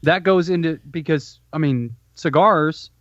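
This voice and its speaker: A man's voice: a little high, measured pace, no echo, highs cut off. A man co-hosting a podcast, teasing his co-host bluntly in casual chat, often restarting his sentences. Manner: blunt, teasing, hesitant starts.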